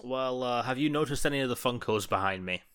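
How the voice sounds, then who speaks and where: A man's voice: mid-range voice, fairly quick, a bit bright, clean tone. Blunt, opinionated man on a film podcast. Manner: blunt, opinionated, swears freely. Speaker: podcast co-host. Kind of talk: casual film podcast chat.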